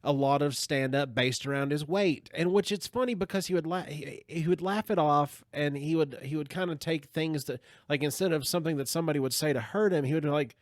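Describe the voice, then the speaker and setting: A man hosting a podcast, retelling a story in casual chat with an animated, rambling manner. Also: a little high, a little fast, hardly any pauses, dry recording. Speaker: podcast host.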